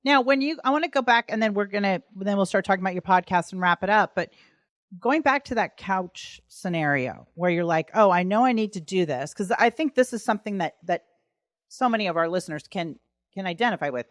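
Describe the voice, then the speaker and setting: A woman's voice: mid-range voice, animated, a little fast, no room sound. A woman hosting a podcast interview, often breaking in with short "got it" replies and follow-up questions. She is recorded close and very dry, with no room sound. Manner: short affirming backchannels, asks questions. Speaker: podcast host. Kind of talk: casual interview talk.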